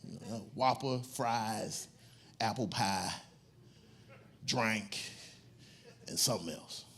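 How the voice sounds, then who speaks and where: A man doing stand-up comedy, telling a story in an animated, conversational way on a comedy club stage. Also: on the low side, takes it slowly, creaky, slight background noise. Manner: animated, conversational, acts out characters.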